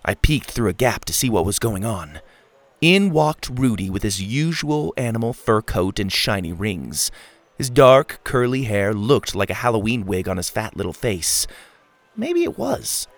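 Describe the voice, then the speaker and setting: Lively male storybook narrator. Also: lowish voice, measured pace, no echo. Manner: lively, expressive reading. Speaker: audiobook narrator.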